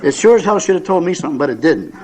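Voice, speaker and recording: A man's voice: a little high, big pitch swings, very fast, darkish tone, some chatter behind, a little hiss or hum, rough recording. A man in his seventies telling humorous personal stories to an audience at a recovery meeting, folksy and self-mocking, with frequent fillers and restarts. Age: 70s.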